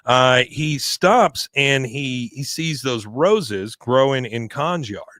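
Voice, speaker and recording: A man's voice: medium pitch, animated, takes it slowly, a bit bright, no echo. A man hosting a casual podcast, recapping a show in a chatty, filler-heavy way and laughing often. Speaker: podcast host recapping an episode.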